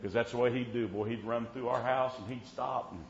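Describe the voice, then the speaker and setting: A man's voice: medium pitch, fairly even intonation, fairly quick, a little hiss or hum. A man preaching a folksy storytelling sermon at a revival meeting in a church, dropping in "Amen" often. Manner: folksy, punctuates with "Amen", preaches with rising fervor. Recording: roomy, dull church recording.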